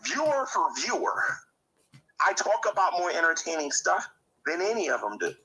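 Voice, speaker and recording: A man's voice: high-pitched, wildly swooping pitch, moderate pace, sharp tone, poor audio. A man giving a preachy, indignant rant as a YouTuber, often stumbling into repeated words. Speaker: YouTuber ranting about his community. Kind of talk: monologue rant to camera.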